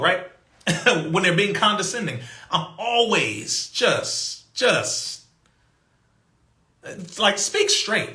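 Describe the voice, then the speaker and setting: A man with a fairly high, bright voice tells a story in an emphatic, animated monologue. His pitch swings widely as he mimics other people. The sound is roomy and echoey. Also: takes it slowly, long pauses. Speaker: podcast guest.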